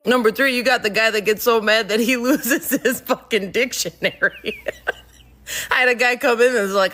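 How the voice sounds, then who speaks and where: A woman who runs a workplace tells funny stories about her staff in an animated comedic monologue, laughing partway through sentences and cursing freely. Her voice is fairly high, her pace measured, and she pauses often.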